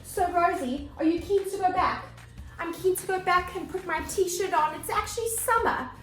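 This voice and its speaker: A woman teacher, leading a children's morning lesson in an animated way, with gasps and exclamations. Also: very high voice, normal speed, echoey room, faint music behind.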